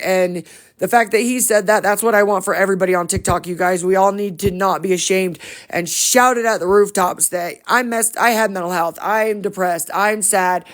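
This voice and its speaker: A woman on a phone livestream, greeting viewers by name in an affectionate, chatty, rambling way. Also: medium pitch. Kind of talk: casual livestream shout-outs.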